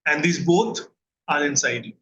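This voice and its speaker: In a recorded mental health lesson, a man with an Indian English accent teaches earnestly as a therapist, frequently posing questions and checking in with listeners. He speaks at a moderate pace in a high-ish, somewhat bright voice, on lo-fi audio with slight background noise.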